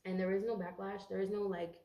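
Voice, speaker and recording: A woman's voice: mid-range voice, level tone, fast talker, mellow, echoey room, muffled recording. A congested woman giving a casual tarot reading to camera, rambling, swearing freely and stumbling over her words. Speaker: tarot reader.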